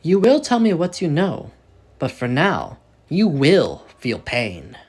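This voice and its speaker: A man's voice: fairly high pitch, wildly swooping pitch, takes it slowly, heavily acted. A man doing a sadistic mafia woman. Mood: menacing. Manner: smooth, taunting, attempted Italian-American mobster voice. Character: sadistic young female mafia enforcer, calm menace.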